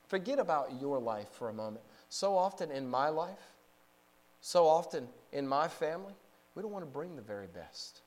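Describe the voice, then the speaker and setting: Guy preaching, pretty high voice, goes quiet then builds up loud, keeps asking the crowd questions. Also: big pitch swings, moderate pace. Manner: swings between hushed lows and rising emphatic peaks; asks the congregation rhetorical questions. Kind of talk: sermon.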